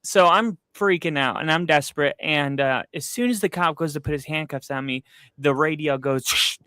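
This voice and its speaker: A man's voice: a little high, moderate pace, pushed and bright, smooth, dry recording. A young man hosting a casual sports podcast, telling a story with loose fillers and frequent swearing. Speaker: podcast host. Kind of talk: casual chat.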